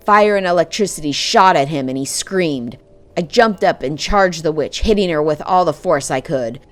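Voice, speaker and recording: Low-voiced woman narrating an audiobook. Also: moderate pace, faint music behind. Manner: steady, emotive storytelling. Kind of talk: first-person audiobook narration.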